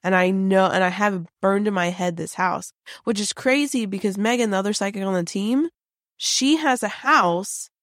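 A woman tells a long dream story in a loose, rambling way, stopping and restarting her sentences often. She sits close to the mic in a dry, dead room, at an ordinary middle pitch. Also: dry recording. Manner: rambling, halting, lots of fillers and restarts. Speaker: team psychic on a paranormal show. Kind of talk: casual storytelling chat.

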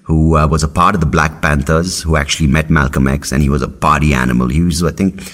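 A man's voice: very deep voice, fairly even intonation, quick pace, fairly bright tone. A young man hosting a rambling, sarcastic, profane comedy monologue. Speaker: podcast host.

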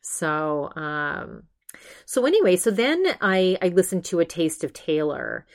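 A woman with a slightly low voice talks through a podcast episode in a loose, chatty monologue. She rambles, restarts her sentences, and keeps slipping into "she's like" to retell what others said. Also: lively intonation, measured pace, gravelly. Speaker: podcast host. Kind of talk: casual monologue review.

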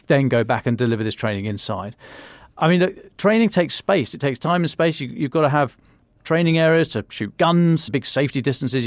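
A man's voice: mid-range voice, no echo. A man with a British accent discussing military matters in a conversational podcast chat, often restarting phrases and stressing points. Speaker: defence editor.

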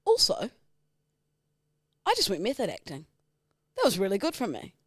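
A woman co-hosting a podcast, teasing and quick in casual banter. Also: medium pitch, huge pitch swings, no echo, studio quality. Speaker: podcast co-host. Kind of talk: casual chat.

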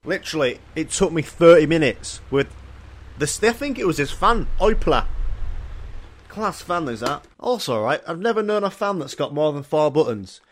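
A man's voice: a little high, expressive, normal speed. A young man, telling rambling, sweary, jokey stories on his own podcast. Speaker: podcast host. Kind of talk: casual solo podcast storytelling.

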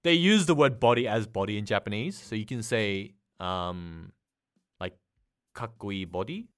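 Young male podcast co-host, low and animated, casual and filler-heavy. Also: normal speed, clean tone. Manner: loose and chatty, full of "like" fillers, explaining Japanese words. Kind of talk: casual chat.

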